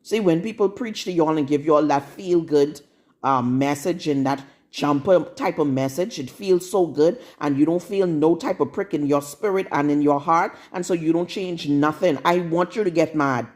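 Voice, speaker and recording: A woman's voice: deep voice, moderate pace, a little mellow. A woman preaching a live-streamed sermon in a blunt, scolding, confrontational manner. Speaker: prophetess.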